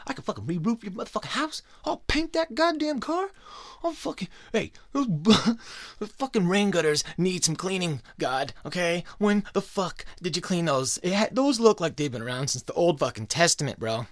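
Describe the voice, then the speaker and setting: A man voicing an eager, overbearing male servant who loudly offers to do any chore. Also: on the high side, no room sound, studio quality, pitched above the performer's own voice. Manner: fast, brash, pushy.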